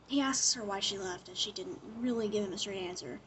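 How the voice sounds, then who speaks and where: A young woman in casual chat, recapping a TV show in an animated way, with lots of "like" and acted-out quotes. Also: medium pitch, brisk, a little hiss or hum. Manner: chatty, animated retelling full of "like" and acted-out quotes.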